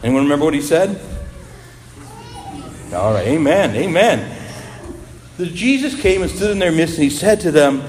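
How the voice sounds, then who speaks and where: A man preaching a sermon as a priest, animated and asking his congregation rhetorical questions. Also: a little high, moderate pace, long pauses, reverberant, long reverb tail, a little hiss or hum.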